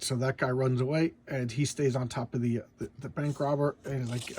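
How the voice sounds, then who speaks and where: A man's voice: mid-range voice, level tone, a little fast, a little mellow, a little hiss or hum. A man casually reviewing a comic book, rambling and often stammering and repeating his words.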